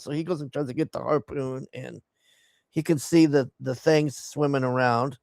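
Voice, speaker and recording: A man's voice: on the high side, steady tone, measured pace, a little mellow, dry recording, studio quality. A man giving a profane, exasperated recap of a movie he hated, scornful of its plot. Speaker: movie reviewer. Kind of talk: casual ranting movie recap.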